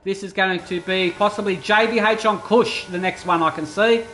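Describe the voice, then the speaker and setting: A man commentating a sim racing league, chatty and breaking into excited bursts during overtakes. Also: high voice, normal speed, a little hiss or hum, low-quality recording. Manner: chatty, excitable bursts over steady play-by-play. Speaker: race commentator.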